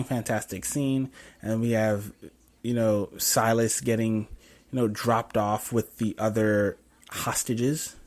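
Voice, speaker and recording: A young man casually reviewing a film scene by scene, rambling with lots of fillers and self-corrections. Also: lowish voice. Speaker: podcast host reviewing a film.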